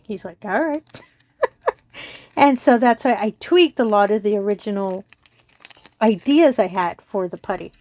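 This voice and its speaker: Bubbly woman, slightly high voice. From Texas. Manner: bubbly, giggly, apologetic and rambling. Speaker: crafting channel host. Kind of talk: casual chat to viewers.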